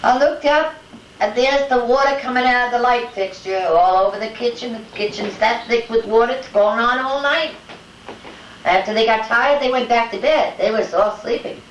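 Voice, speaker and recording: An older woman being interviewed at home, telling lively family anecdotes and acting out the voices of her family. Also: fairly high pitch, moderate pace. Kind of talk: casual storytelling at home. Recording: echoey room, distant mic, dull home-video sound with faint hiss.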